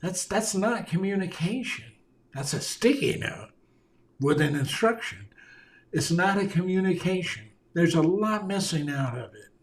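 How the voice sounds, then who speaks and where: In this direct-to-camera video, a male communication consultant talks earnestly to his viewers in a high, sing-song voice at a measured pace. He leans on repetition of key phrases for stress, and the sound comes from a camera mic.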